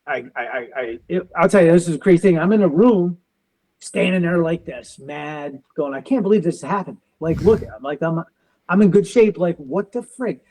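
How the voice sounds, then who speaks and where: A man in his forties, a veteran and police officer, tells a personal story in an interview, quoting others in quick back-and-forth exchanges. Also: a little high, expressive, darkish tone, poor audio. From United States. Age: 40s. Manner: quotes others in quick back-and-forth, uses car comparisons.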